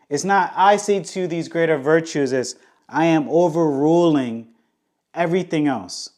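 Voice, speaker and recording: Male Bible teacher, slightly high voice, casual and emphatic, acts out quotes. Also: a little mellow. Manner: frequent restarts and slang. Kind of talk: teaching talk on scripture.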